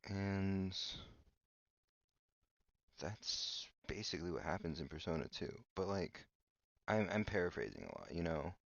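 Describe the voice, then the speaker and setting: Very low-voiced rambling podcast man. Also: sing-song, a little slow, vocal fry, long pauses, no room sound. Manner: hesitant, filler-heavy, restarts often. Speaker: podcast host. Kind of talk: rambling comedic monologue. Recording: dull lo-fi dry recording.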